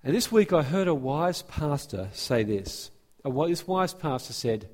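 A man's voice: on the high side, very animated, unhurried, few pauses, darkish tone. A man preaching a sermon and giving church announcements as pastor, speaking earnestly and often restarting his phrases. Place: church sanctuary. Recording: long hall reverb from a church.

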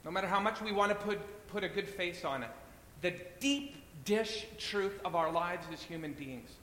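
A man's voice: lively intonation, moderate pace, fairly bright tone. A man preaching a sermon in a church, earnest and repeating phrases for weight. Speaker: pastor. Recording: echoey church hall, faint rumble.

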